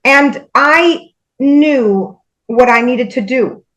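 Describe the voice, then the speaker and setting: A woman guest shares her experiences in an unhurried, halting way, often pausing with fillers. Her voice sits slightly above average in pitch. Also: low-quality recording. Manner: hesitant, many fillers, measured pauses. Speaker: guest spiritual medium. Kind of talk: casual conversational storytelling.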